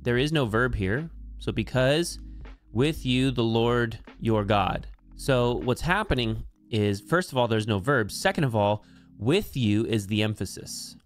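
A man teaching Bible translation, walking through Hebrew grammar term by term in a deliberate, explanatory way. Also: mid-range voice, lively intonation, soft background music. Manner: slow, deliberate, spells out each term.

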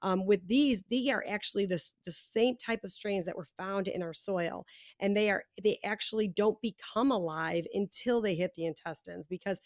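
A woman from the United States speaks as a podcast guest, explaining her product with animated conviction and plenty of fillers. Her voice sits in a mid range, and the sound is dry, with no room echo. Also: mid-range voice, moderate pace. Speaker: podcast guest, probiotic company founder. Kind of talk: casual interview chat.

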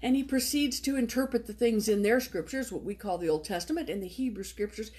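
A woman preacher giving a sermon in a church, reading scripture and then retelling the story in a relaxed, conversational way. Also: fairly high pitch, fairly quick. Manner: conversational, retells story with lively voiced quotes.

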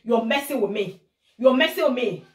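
A woman playing a tough, streetwise Lagos wife who mixes in pidgin and threatens her husband in a low, mocking voice. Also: animated, normal speed, distant mic, natural voice. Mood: threatening. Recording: echoey room.

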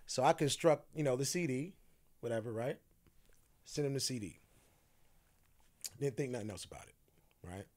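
A podcast guest with a middling-pitched, slightly mellow voice tells his story casually at normal speed. He's expressive, acting out each person's quoted lines, laughing often, and leaving long pauses.

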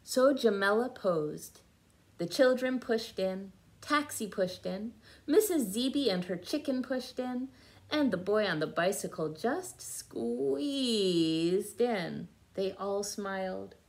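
A woman's voice: mid-range voice, lively intonation, slow, darkish tone. A woman reading a picture book aloud to children and stopping to explain the meaning of words. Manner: patient, explains words to young listeners. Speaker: storyteller for children. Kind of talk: children's read-aloud with word lessons.

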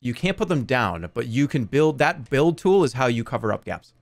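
A male streamer hosting a game contest, talking loosely into a desk mic. His pitch swings widely as he jokes, swears and laughs, and his voice sits at an ordinary middle pitch. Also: big pitch swings, moderate pace, gravelly. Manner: jokey, profane, laughs often. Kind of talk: casual livestream commentary.

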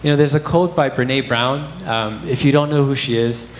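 A man's voice: mid-range voice, moderate pace. Young guy preaching, chatty and candid, echoey church hall, a bit of hiss. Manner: candid, conversational storytelling with fillers. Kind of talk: sermon. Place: church sanctuary.

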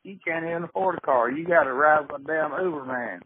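A man doing a cussing, rambling Mississippi caller with a thick Southern accent, stubborn and easily riled, his voice sitting a touch high. He comes through a tinny phone line with faint hiss behind. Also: fast talker, lightly acted. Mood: indignant. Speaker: prank caller.

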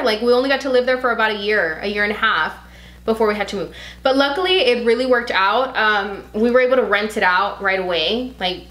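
A woman co-hosting a podcast in a casual chat, talking freely with lots of "like", emotional and quick to tear up. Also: a little high, fairly bright tone, roomy sound, rough recording. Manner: chatty, heavy use of "like"; emotional, easily tearful. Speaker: podcast co-host.

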